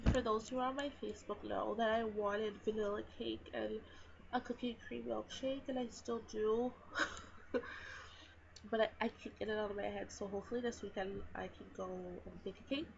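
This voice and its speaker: A woman's voice: a little high, gravelly, lo-fi sound, slight background noise. A young woman chatting casually in a home vlog, rambling and full of fillers while nursing her baby. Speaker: vlogger. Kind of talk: casual pregnancy vlog chat.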